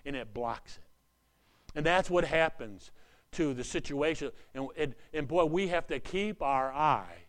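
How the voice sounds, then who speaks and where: A man preaching a sermon in an earnest, repetitive way, swinging between loud urgent lines and hushed asides. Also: mid-range voice, animated, slow pace. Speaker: pastor.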